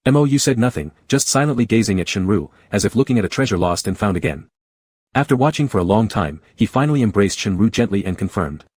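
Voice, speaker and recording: Male narrator, scripted story reading, fast, husky, dry close sound. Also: fairly low pitch, no echo. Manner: steady, fast-paced reading.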